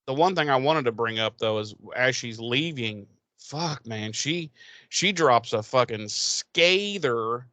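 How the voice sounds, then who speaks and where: A man in mid-pitched voice chats casually on a podcast, swearing freely and getting animated. The sound is dry and close, with no room in it. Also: slow pace, no room sound. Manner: swearing, animated, quotes characters in put-on voices. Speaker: podcast co-host. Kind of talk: casual chat recapping a TV episode.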